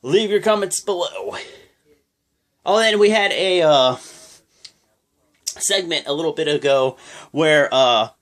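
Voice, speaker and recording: A man's voice: a little high, takes it slowly, pauses often, a bit bright. Slangy young man with a raised voice. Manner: rambling, peppered with "like" and slang. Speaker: wrestling show reaction vlogger. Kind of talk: casual reaction commentary.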